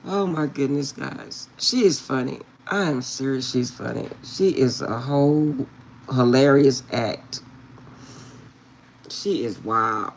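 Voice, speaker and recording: A woman's voice: rumbling low, takes it slowly, gravelly, a little hiss or hum. A middle-aged woman telling a funny family story to her viewers, laughing often and insisting she is serious. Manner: animated, laughs often, repeats "I'm serious". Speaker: tarot reader.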